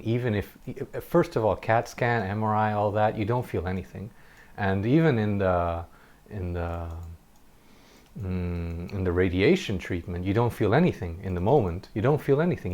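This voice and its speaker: A man with a fairly low voice chats over gameplay footage, sharing a personal story. He sounds earnest and reflective, and he often breaks off to restart a sentence. Now and then he lets out a short laugh. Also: moderate pace, a little mellow. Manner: occasional short laughs while telling a story. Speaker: gameplay commentator.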